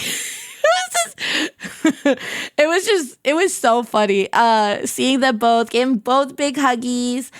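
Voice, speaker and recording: Female streamer, bright high register, rambling and excitable, close dry sound. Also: no echo. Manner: excitable and rambling, heavy on filler words. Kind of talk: casual stream chat.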